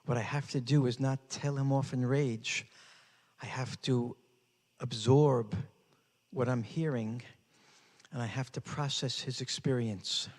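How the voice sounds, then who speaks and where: In a hall with long reverb, an older man with a medium-pitched, slightly mellow voice tells a personal story during a talk. His intonation stays fairly even and his pace is a little slow, yet the telling is dramatic and climbs toward raised intensity.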